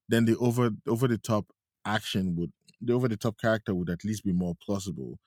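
A man's voice: lowish voice, quick pace, a little mellow, dry recording, studio quality. A man co-hosting a movie review podcast in casual chat, chatty, laughing often and restarting his sentences. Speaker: podcast co-host.

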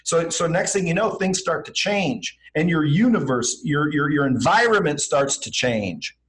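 A man's voice: fairly high pitch, lively intonation, normal speed, a bit bright, rough recording. A man as a podcast guest giving blunt, slangy motivational advice and acting out bits of dialogue as he talks. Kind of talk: motivational advice in casual conversation.

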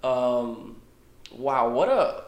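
Excitable young man saying "bro" a lot. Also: medium pitch, drawn-out words. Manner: excitable, swears a lot, says "bro" constantly. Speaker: podcast co-host. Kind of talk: casual chat. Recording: echoey room.

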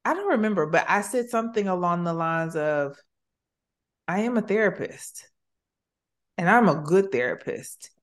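Low-voiced woman podcast host. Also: normal speed, pauses often. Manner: warm, expressive, uses 'sis' and 'baby'. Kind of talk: casual faith chat.

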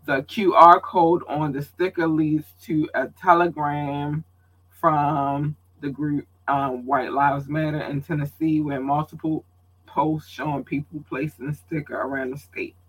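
Man from Baltimore, podcast host, casual chat, fairly high voice, lots of ums and slang. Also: flat delivery, unhurried, fairly bright tone, husky. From Baltimore, Maryland. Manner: loose and chatty, many ums and slang asides.

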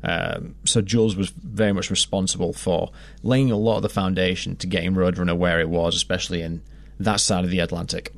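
Low-voiced man narrating a documentary. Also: level tone, fairly quick, gravelly, hardly any pauses. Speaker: podcast host and narrator.

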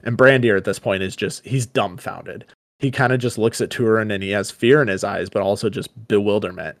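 A man with a fairly low voice co-hosts a casual podcast and retells a story in his own words. He drops into the characters' lines now and then. The sound is dry and close. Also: fairly even intonation, fairly quick, no room sound. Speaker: podcast co-host. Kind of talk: casual book discussion and retelling.

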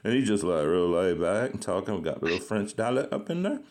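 A man's voice: sits low, animated, brisk, a little mellow. A man hosting a podcast interview, joking and telling stories with frequent laughter. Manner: jokey storyteller, laughs often. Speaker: podcast host. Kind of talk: casual interview chat.

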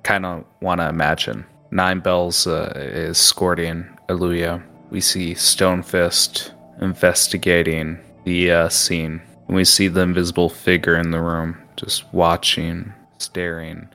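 A man's voice: low-pitched, level tone, measured pace, gravelly, hardly any pauses, bright, forceful tone, soft background music. A man narrating a tabletop game as game master, describing scenes and prompting players. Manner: descriptive, with restarts.

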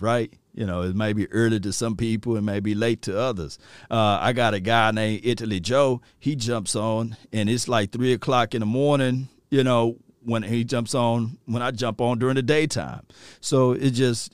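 A man hosting a casual sports podcast live stream, loose and slangy, shouting out viewers in the chat. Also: mid-range voice, dry recording, clean studio sound. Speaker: podcast host.

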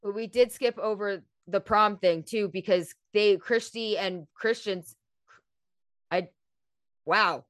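A woman's voice: mid-range voice, takes it slowly, no room sound, clean studio sound. A woman in her thirties chatting casually with a friend, swearing freely and acting out the lines of the people she talks about. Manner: profane, animated, acts out quotes. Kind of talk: casual chat recapping a film.

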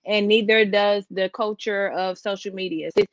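A woman's voice: medium pitch, fairly even intonation, moderate pace, no room sound. Woman co-host, firm emphatic tone, dry dull lo-fi sound. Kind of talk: casual commentary chat.

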